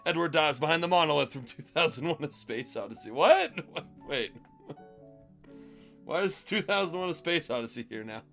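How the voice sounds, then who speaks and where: A man's voice: on the high side, lively intonation, moderate pace, gravelly, fairly bright tone, soft background music. A man streamer giving a comedic dramatic reading of fanfiction with laughing asides.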